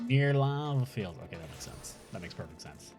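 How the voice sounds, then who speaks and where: A young man with an Irish accent chats his way through a game stream, rambling from one thought to the next and swearing casually. His voice sits at a middling pitch but swings lively up and down as he talks, with faint music underneath. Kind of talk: casual live-stream chat while gaming.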